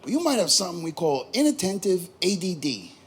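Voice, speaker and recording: A man voicing a calm, soft-spoken male therapist who asks slow, measured questions. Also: high-pitched, slightly rough, exaggerated voice.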